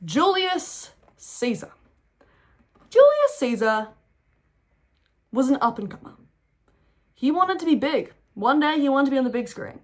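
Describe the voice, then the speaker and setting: A woman's voice: sits high, expressive, fairly quick. A young woman giving a casual, rambling history lesson full of slang, swearing and playful asides. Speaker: history explainer.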